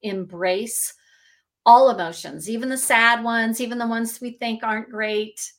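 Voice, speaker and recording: A woman's voice: on the high side, fairly even intonation, measured pace. A woman talking as an emotions advocate in a casual podcast chat, earnest and reflective, often repeating phrases for emphasis.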